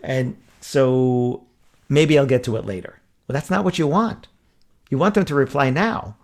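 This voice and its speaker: Man, podcast guest, sales coaching, lively, acts out customers, chuckles, creaky voice, mid pitch. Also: measured pace. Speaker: wedding sales consultant. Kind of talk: podcast interview, coaching advice.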